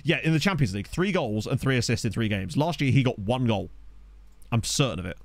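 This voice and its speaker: Young streamer, lively pitch, dry close desk-mic sound, excitable play-by-play for a game. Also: male voice, a little fast, vocal fry, dry recording. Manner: chatty, excitable, reads chat aloud. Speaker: gaming streamer. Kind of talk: live gameplay commentary. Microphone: desk USB microphone.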